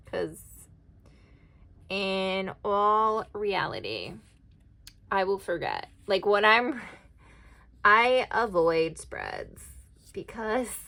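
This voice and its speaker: A woman talks her way through an oracle card spread, rambling and thinking aloud. Her voice has a gravelly, creaky edge. The chat is loose and casual. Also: mid-range voice, sharp tone. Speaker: tarot and oracle card reader. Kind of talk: casual card-reading vlog.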